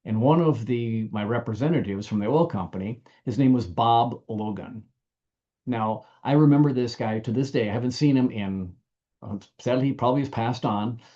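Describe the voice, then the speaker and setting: A man's voice: mid-range voice, moderate pace, warm tone, highs cut off. An older American man giving an informal training talk, folksy and anecdotal, often restarting his sentences. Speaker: business trainer.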